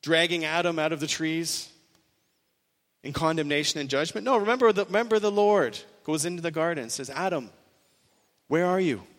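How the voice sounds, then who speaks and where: A man's voice: a little high, a little fast, a bit bright, big-room sound. A male pastor preaching an earnest sermon, voicing quoted lines with rising emphasis.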